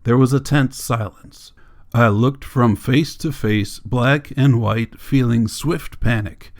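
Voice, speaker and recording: A man reads a novel aloud as an audiobook narrator. He keeps a steady, measured pace through the story. His voice sits at a typical male pitch. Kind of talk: scripted narration.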